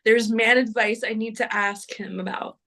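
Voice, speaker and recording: A woman's voice: on the high side, steady tone, moderate pace, fairly bright tone. A woman with a Kentucky accent co-hosting a live astrology stream in a casual, bubbly, chatty way. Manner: bubbly, uses y'all.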